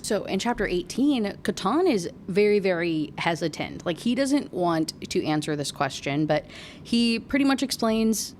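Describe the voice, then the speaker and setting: A woman book reviewer casually recapping and reading aloud from a novel, chatty and quick to laugh and swear. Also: mid-range voice, big pitch swings, a little mellow, a little hiss or hum.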